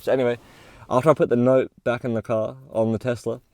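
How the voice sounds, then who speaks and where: A man's voice: medium pitch, level tone, quick pace, darkish tone, no room sound. Slangy young man telling a story. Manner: slangy, swears often, acts out quoted dialogue. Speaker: vlogger. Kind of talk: casual storytime.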